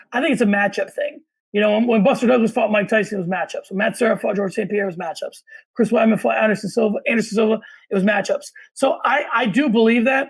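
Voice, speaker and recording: A man's voice: high-pitched, vocal fry, slightly rough, poor audio. A man co-hosting a casual sports podcast, giving opinions and moving the segments along. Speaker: podcast co-host.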